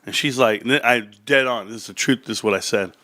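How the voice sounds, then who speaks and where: A man's voice: lowish voice, fairly quick, pushed and bright, no echo. A man talking casually on his stock market livestream, rambling and heartfelt with many restarts, growing emphatic when he tells a story.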